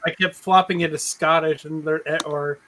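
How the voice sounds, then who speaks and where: A middle-aged man hosting a live stream chat, his voice sitting a little higher than most men's. He rambles, restarts his sentences often and chuckles as he goes. He sounds like he is on a video call. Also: fairly even intonation, moderate pace, bright, forceful tone, slight background noise, poor audio. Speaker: podcast host.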